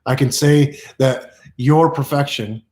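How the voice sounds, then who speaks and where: A man's voice: mid-range voice, takes it slowly, a little mellow. A man giving playful, repetitive self-help affirmations to camera, exuberant and goofy, laughing often.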